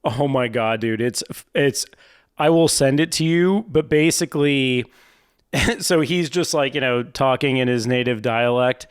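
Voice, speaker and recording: Smooth-voiced man hosting a chatty podcast. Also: mid-range voice. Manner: halting, restarts questions, laughs easily. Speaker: podcast host. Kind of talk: casual podcast interview.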